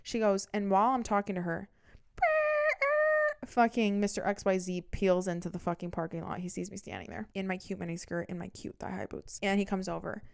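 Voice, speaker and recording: A woman in her twenties telling a dramatic storytime, cursing freely and acting out scenes with lively energy. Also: medium pitch, fairly quick, creaky. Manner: dramatic, profane, animated storytelling. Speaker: vlogger. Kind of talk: storytime vlog.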